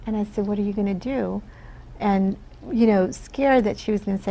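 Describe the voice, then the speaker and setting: A woman's voice: medium pitch, fairly even intonation, normal speed, dark tone, a little hiss or hum, poor audio. A woman from the Philippines, a guest on a talk show, telling stories in an earnest way and often asking "right?". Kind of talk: casual interview talk.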